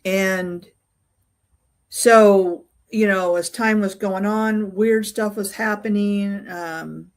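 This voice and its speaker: An older woman speaking at an average pitch as an interview guest. She tells a personal story in a casual, unpolished way. She stops often on filler sounds and restarts her sentences. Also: fairly even intonation. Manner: halting, full of fillers and restarts while recounting. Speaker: interview guest, UFO investigator.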